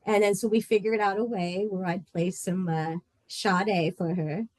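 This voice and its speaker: A woman runs a group session in a loose, animated and blunt way, with plenty of laughter. Her voice is dry and close. Her pitch sits in a middle range. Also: a little slow, no echo. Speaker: support group facilitator. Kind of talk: casual group session talk.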